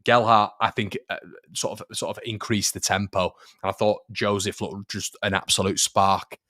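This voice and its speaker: A man hosts a football fan live stream in a loose, conversational way, often repeating himself and answering viewers' comments as they come in. His voice sits low. It is recorded close and dry, with no room sound. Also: little pitch movement, moderate pace, fairly bright tone, no echo. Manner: chatty, repeats phrases, reads viewer comments. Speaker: fan channel host.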